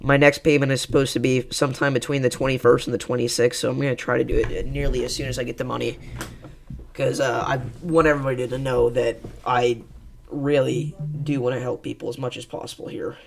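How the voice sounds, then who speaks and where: Young male stream host, loose casual chat, rambling thank-yous, mid-pitched voice. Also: little pitch movement, a little fast, vocal fry, a little hiss or hum. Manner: rambling, thankful, laughs with co-hosts. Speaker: weather livestream host.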